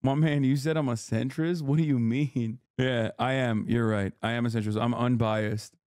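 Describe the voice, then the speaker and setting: A man's voice: medium pitch, steady tone, moderate pace, darkish tone, clear, resonant tone, no echo. Dry-voiced man mocking his chat. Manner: mocking, profane, ranting at chat. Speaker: streamer reacting to a video. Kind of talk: casual live-stream chat.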